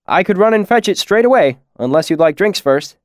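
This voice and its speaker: A man's voice: high voice, lively intonation, a little fast, no echo, clean studio sound, pitched above the performer's own voice. Guy doing a meek friendly innkeeper, eager to please. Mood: obliging. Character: humble, servile male innkeeper.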